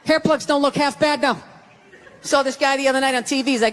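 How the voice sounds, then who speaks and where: A stand-up comedian from the US East Coast delivers a profane, ranting live set and acts out quick bits of other people. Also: male voice, very high voice, expressive, a bit bright, a little hiss or hum. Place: large theater stage before an audience. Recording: live theater with reverb and crowd laughter.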